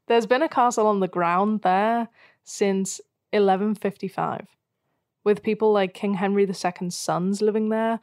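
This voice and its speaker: A woman's voice: mid-range voice, steady tone, unhurried, darkish tone, no echo. Giggly young woman, very dry sound. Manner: chatty, giggly, self-deprecating. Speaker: podcast co-host. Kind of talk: casual chat.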